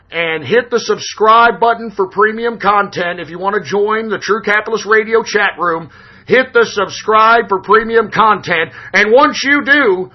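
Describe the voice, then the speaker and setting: High-voiced husky man hosting radio. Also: muffled recording. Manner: profane, emphatic, intense delivery. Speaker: internet radio show host. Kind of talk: political call-in show monologue.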